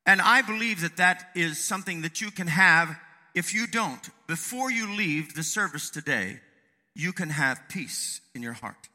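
A man preaching a sermon in church, halting with many fillers and restarts, then building into fervent preaching. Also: sits high, animated, in a large hall. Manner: soft and reflective at the start, rising to fervent preaching. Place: church sanctuary.

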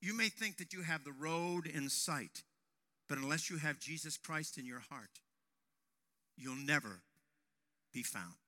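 A man preaching a sermon to young men, telling a personal story and raising his voice to a shout at dramatic moments. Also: a little high, expressive, a little slow, pauses often. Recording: long hall reverb.

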